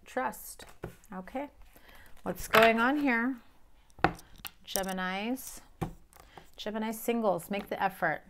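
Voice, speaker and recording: A woman's voice: fairly high pitch, slow, long pauses, very noisy. A woman giving a casual tarot reading, talking bluntly and emphatically with frequent swearing. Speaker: tarot reader.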